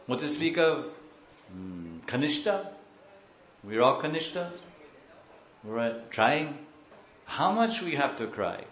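A man giving a slow, emotive devotional sermon, acting out crying devotees. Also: mid-range voice, big pitch swings, fairly bright tone, roomy sound. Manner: slow, emotive, acts out crying devotees and mixes in Hindi and Sanskrit terms. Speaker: spiritual teacher.

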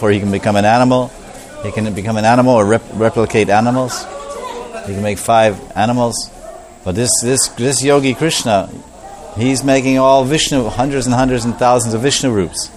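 A man preaching a storytelling sermon, animated and repetitive, acting out the voices of the characters. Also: mid-range voice, slight background noise.

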